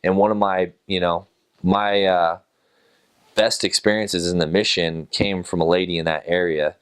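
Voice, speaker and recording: Brief: low-voiced man, relaxed storyteller, casual and unhurried, filler-heavy. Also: clean tone. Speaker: former missionary. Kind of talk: personal anecdote told to camera.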